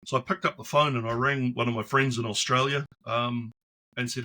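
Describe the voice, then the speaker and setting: A man's voice: medium pitch, fairly quick. A man guesting on a podcast, telling stories casually and acting out the voices of people in his anecdotes. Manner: chatty, animated, acts out voices in anecdotes. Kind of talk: casual storytelling interview.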